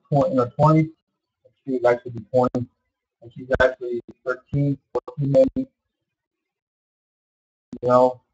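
A man's voice: mid-range voice, darkish tone, slightly rough, lo-fi sound. A man in his early thirties talking in a rambling, casual monologue to his viewers, full of fillers and repeats. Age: 30s. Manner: meandering, repeats himself, many fillers. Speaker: vlogger.

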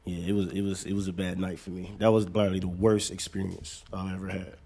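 An American basketball player from the United States, speaking as a guest, tells a personal story in a casual, laid-back way. His deep, gravelly, slightly rough voice moves at a quick pace, and he stays relaxed, saying "man" a lot.

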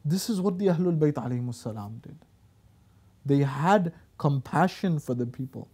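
A man's voice: on the high side, moderate pace, breathy edge. A man on a religious talk show, telling stories in an emphatic, preaching way. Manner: storytelling preacher, animated and emphatic. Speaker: guest speaker.

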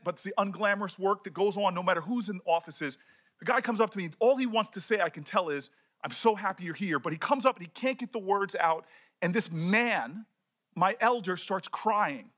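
A man with a fairly high voice speaks with deep feeling at a committee hearing. He is earnest and close to tears, often repeating words as he searches for them. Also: fairly bright tone. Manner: earnest, halting with repeated words, breaks into laughs. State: emotional, near tears. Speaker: senator at a hearing. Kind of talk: emotional speech at a hearing.

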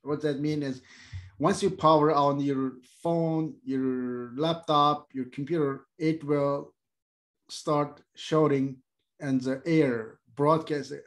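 Brief: male tech instructor, slightly high voice, halting delivery full of "uh", explains with everyday comparisons. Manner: plain halting explanation with many fillers, acts out devices in quotes. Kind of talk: screen-share tech lesson.

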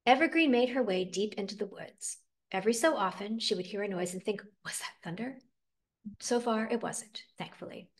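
A woman reading a picture book aloud with expressive, dramatic storytelling. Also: medium pitch, fairly quick. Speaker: storybook reader.

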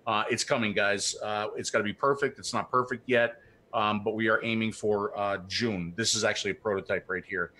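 A man's voice: on the low side, steady tone, fairly quick, pushed and bright, a little hiss or hum. A man co-hosting a live call-in show, ranting with fire and repeating his points for emphasis. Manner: fired-up ranting, repeats himself. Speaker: co-host.

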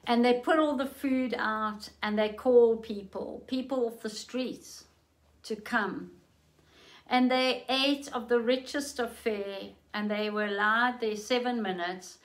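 A middle-aged woman preaching on a livestream, telling a story slowly and earnestly, then urging listeners with rising fervor. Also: mid-range voice, rough recording. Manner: slow, earnest storytelling, rising fervent in exhortation. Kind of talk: storytelling sermon.

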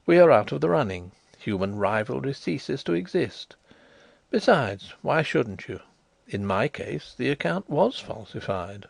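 A man reading as a suave, placid blind gentleman. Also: medium pitch, sing-song, a little slow, gravelly, no echo, pitched above the performer's own voice, exaggerated voice. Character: calm, genial blind gentleman detective.

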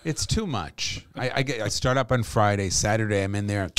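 A middle-aged man, an actor and comedian, chatting as a podcast guest, animated and laughing as he tells stories. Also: on the low side, moderate pace, background noise. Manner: animated, joking storyteller who laughs often. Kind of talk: casual podcast conversation.

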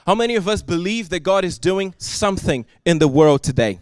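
High-voiced preacher, dry sound. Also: male voice, expressive, brisk, few pauses, no echo. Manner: earnest, swings from soft to loud and emphatic. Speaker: pastor. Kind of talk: sermon. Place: church service.

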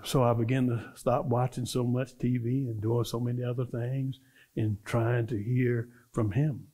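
A male minister preaching to a church congregation in a conversational style, quizzing his listeners with call-and-response questions and building from relaxed storytelling to fervent preaching. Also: mid-range voice, measured pace, husky. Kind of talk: conversational sermon. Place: church service before a congregation.

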